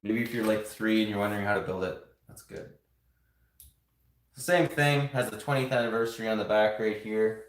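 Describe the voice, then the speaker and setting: On a live stream, a man with a lowish voice talks fast and casually, rambling to viewers while he builds and shows off toy sets. The audio has the roomy echo of a room at home.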